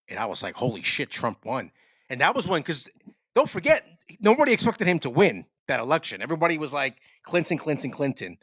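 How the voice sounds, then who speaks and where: Animated, swearing male podcast co-host. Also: medium pitch, dry recording. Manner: animated, profane storyteller. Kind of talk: casual chat.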